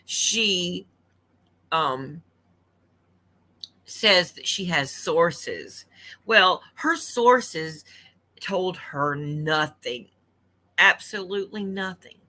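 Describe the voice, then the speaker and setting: A woman's voice: on the low side, animated, drawn-out words, long pauses, pushed and bright. A woman giving blunt, indignant livestream commentary from home late at night, repeating herself for emphasis. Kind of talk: opinionated commentary rant.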